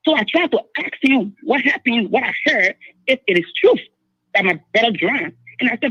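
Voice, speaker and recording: Woman caller, Liberian English, husky, rapid and lively, insistent. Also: fairly high pitch, no echo. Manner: urgent, insistent, repeats herself. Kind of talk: emotional phone-in account. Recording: dull phone line.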